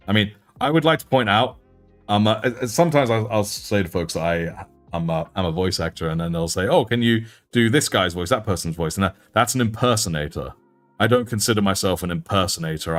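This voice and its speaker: Man, British accent, deep low voice, casual livestream chat, chatty, self-mocking. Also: fairly bright tone. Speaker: livestream host and miniature painter.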